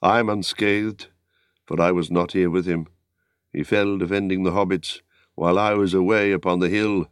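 A weary warrior leader speaks solemnly and with measure, as a male reader voices him in an audiobook. The voice is deep and close, with a dry sound. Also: fairly even intonation, normal speed, smooth, dry recording, natural voice. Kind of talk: audiobook character reading.

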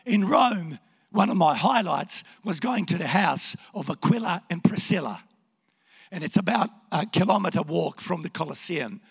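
A man preaching in a hoarse, gravelly voice, his pitch high and leaping about as he moves between quiet words and shouts. The long reverb of a church hall hangs behind every line. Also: lively intonation, normal speed. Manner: impassioned, swings from hushed to shouting. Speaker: pastor. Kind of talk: sermon.

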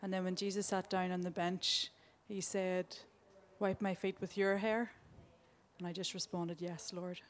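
A woman in a church group softly sharing a reflection, hesitant at first. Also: on the low side, little pitch movement, unhurried. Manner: hesitant, soft. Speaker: group participant.

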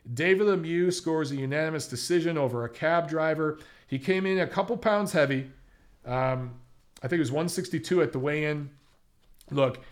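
A young man giving blunt, opinionated commentary on boxing, casual and swearing freely. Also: a little high.

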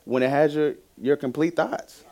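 A young man preaching a sermon with a personal testimony, animated, laughing often and shifting from loud to hushed. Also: fairly high pitch, normal speed.

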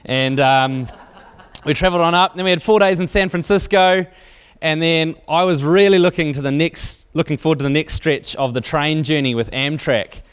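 A man's voice: fairly high pitch, moderate pace, smooth. A man preaching to a church audience, telling a wry anecdote loosely with fillers and restarts. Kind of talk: storytelling sermon.

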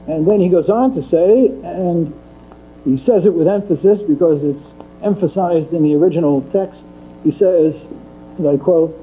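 A man's voice: fairly high pitch, moderate pace, faint music behind. A man giving a methodical theology lecture, repeating his key points for emphasis. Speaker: Catholic lecturer. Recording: tinny phone-like recording with mains hum.

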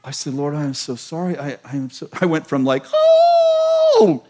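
A middle-aged American pastor preaching a sermon to a church, telling a story with laughter and self-mocking humor. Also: male voice, mid-range voice, steady tone, brisk, darkish tone. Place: large church.

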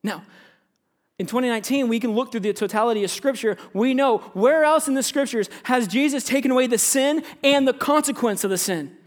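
Man, pastor, lively sermon, talks straight to the congregation, acts out characters. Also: extremely high pitch, brisk. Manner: animated, addresses congregation directly, acts out biblical characters.

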